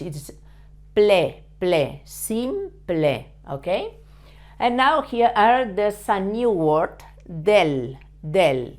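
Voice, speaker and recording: A woman talking through a language lesson at a slow, unhurried pace. Her voice sits a little low, and she explains patiently, often pausing and repeating herself. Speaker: Spanish teacher.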